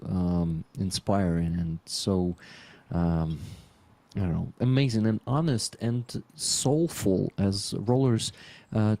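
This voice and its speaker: A man from Ukraine, speaking earnestly and haltingly on a livestream, with many fillers. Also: fairly low pitch, warm tone, dry recording. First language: Russian. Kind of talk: casual livestream chat.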